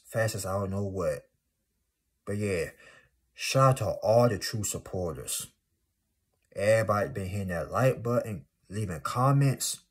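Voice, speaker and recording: Husky, emphatic motivational vlogger man. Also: fairly low pitch, a bit bright. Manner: emphatic, repetitive, exclaiming. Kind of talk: casual motivational vlog.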